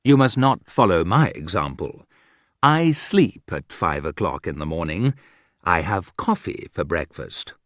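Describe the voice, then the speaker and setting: A man reading a humorous book aloud in a dry, wry manner, with sudden lifts in pitch. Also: big pitch swings, a little slow, dry recording. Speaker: audiobook narrator. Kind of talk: scripted humorous narration.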